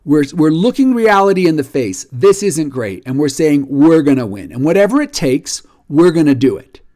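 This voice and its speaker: Animated, high-voiced man telling stories. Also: moderate pace. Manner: animated storyteller acting out quoted dialogue; emphatic, repeats words when excited. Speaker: nonprofit leader. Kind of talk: casual video update.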